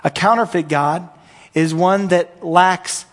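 A man's voice: sits high, fairly even intonation, takes it slowly, a bit bright. A man preaching a sermon as pastor, earnest and repetitive, building in intensity at the peaks.

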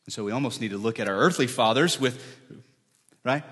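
A man preaching a sermon as pastor, dropping to soft, whispered lines when he speaks for God. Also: medium pitch, brisk, husky, in a large hall.

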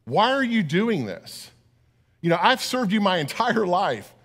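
Man doing a resentful older brother, high, aggrieved, whiny indignation. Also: very animated, unhurried, a bit bright, heavily acted.

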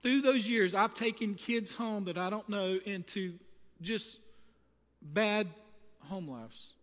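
Slow and high-pitched, with a touch of brightness, the man preaches to church volunteers through funny, down-home anecdotes, stressing his points emphatically. The sanctuary lends a long, hall-like reverb.

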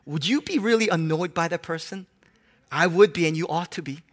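A man preaching a sermon, swinging between hushed tones and loud, animated exclamations. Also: fairly high pitch, a little fast.

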